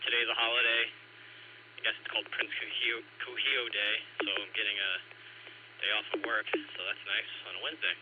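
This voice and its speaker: A man checking in on a handheld radio while walking in his backyard, talking quietly and relaxed. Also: medium pitch. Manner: quiet, relaxed, reads out call sign. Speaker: radio net caller. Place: outdoors in a backyard. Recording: tinny radio link with faint hiss.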